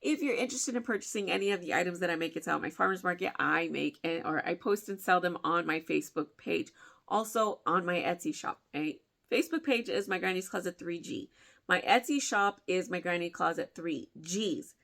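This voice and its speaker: Chatty woman vlogger with a gravelly edge. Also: fairly low pitch, brisk, fairly bright tone. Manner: chatty, emotional storytelling with laughs. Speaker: crafting channel host. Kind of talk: casual vlog chat.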